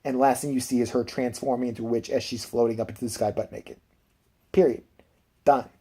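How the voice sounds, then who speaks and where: A man's voice: medium pitch, steady tone, a little fast, warm tone, husky. A man recapping a film in a rambling, profane, casual way with laughing asides. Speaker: film reviewer.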